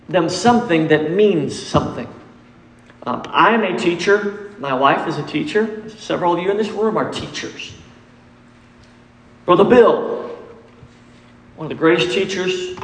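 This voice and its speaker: A pastor preaches a sermon in a church sanctuary, his voice a little high, speaking emphatically, repeating key points and quizzing the congregation as he goes. The room is echoey with a big-room sound. The recording is low quality with slight background noise.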